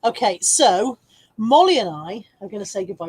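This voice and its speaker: A woman's voice: expressive, brisk, a little mellow, husky, poor audio. A woman hosting a casual live stream from home, reading viewer comments aloud and laughing easily. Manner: high baby-talk voice to her dog.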